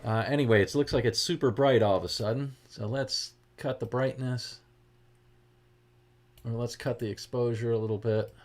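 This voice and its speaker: A middle-aged man with a light Boston accent, talking at a medium pitch. He chats easily as he hosts a guitar livestream, with relaxed asides as he greets each viewer by name. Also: normal speed. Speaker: guitar teacher hosting a livestream. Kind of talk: casual livestream chat.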